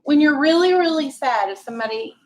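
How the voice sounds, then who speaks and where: A woman teacher leading a classroom phonics lesson, patient and clear, drawing out her explanations. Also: high-pitched, animated, slight background noise, poor audio. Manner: patient, clear, drawn-out instructional speech.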